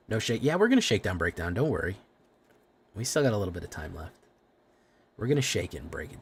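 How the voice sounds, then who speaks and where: A young man streaming a card game live, joking around and chatting excitedly with his viewers. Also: low voice, quick pace, pauses often, slight background noise. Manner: excitable, joking, talks to chat. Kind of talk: casual live-stream commentary while playing a card game.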